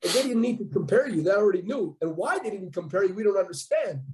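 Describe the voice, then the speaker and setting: A Canadian man in his fifties, a guest on a casual talk show, telling a story with lively quoted dialogue. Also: sits high, fast, slight background noise, rough recording. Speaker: podcast guest, bodybuilder.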